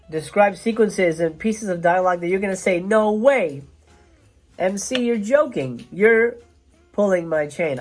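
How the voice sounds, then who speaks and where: Rambling, chatty male film reviewer. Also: sits high. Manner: chatty and rambling, with many fillers and restarts. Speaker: film reviewer, show host. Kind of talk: casual video review.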